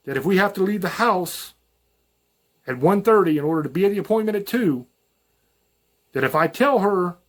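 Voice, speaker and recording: A folksy man from the rural Virginia mountains, with a higher-pitched voice, hosts a podcast in a casual spoken monologue. He rambles through stories, adding asides where he quotes himself.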